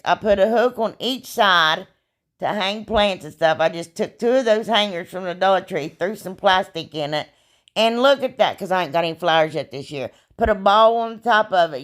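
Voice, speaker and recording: A woman with a somewhat low voice narrates her craft project in a chatty, rambling way. She sounds a little hoarse, as if she is losing her voice. Her voiceover is relaxed and self-deprecating, full of asides to her viewers. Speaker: craft channel host.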